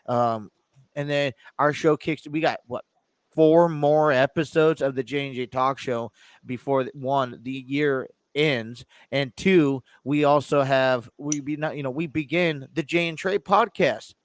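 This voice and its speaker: Casting: male podcast host, middle pitch, loose rambling chat, dry close sound. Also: a little slow, dry recording. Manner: rambling, many fillers and restarts. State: stuffy. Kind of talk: casual chat. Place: home studio in his living room.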